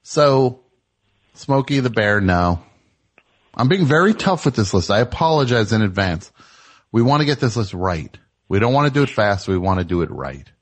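A man's voice: on the low side, very animated, moderate pace. A man hosting a comedy call-in show, teasing callers and riffing in a rambling way. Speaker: host.

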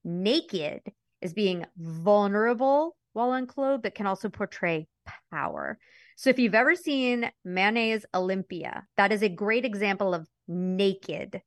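A woman's voice: medium pitch, animated, measured pace, no echo, studio quality. A woman guesting on a podcast, chatty and casual, with many "like" fillers.

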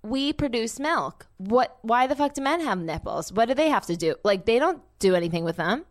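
A woman's voice: fairly high pitch, expressive, moderate pace. A woman hosting a podcast in casual chat, blunt and rambling, swearing freely and laughing often. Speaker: podcast host.

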